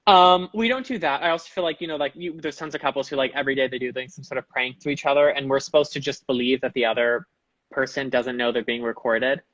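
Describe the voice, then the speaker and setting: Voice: mid-range voice, fairly even intonation, fast, a bit bright, no room sound, dull audio. A podcast guest chatting casually and telling anecdotes, full of "like" and "um", acting out the people they quote.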